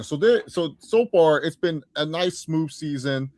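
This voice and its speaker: A man's voice: a little high, moderate pace, darkish tone, dry recording. A man co-hosting a podcast, chatting casually about a TV episode with an enthusiastic, self-congratulating manner. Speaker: podcast co-host. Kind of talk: casual TV episode recap chat.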